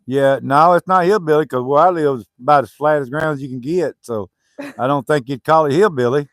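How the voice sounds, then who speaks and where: A Southern-accented man in his fifties from Arkansas co-hosts a homesteading livestream, chatting casually outdoors by a fire. He's folksy and easygoing and laughs easily, with a voice on the high side and a slightly fast pace. The sound is clean studio quality, with no echo.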